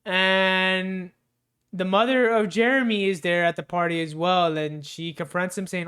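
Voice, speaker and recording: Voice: medium pitch, normal speed, fairly bright tone, clean tone. A movie reviewer casually recapping a film with spoilers, rambling loosely with lots of fillers, restarts and swearing.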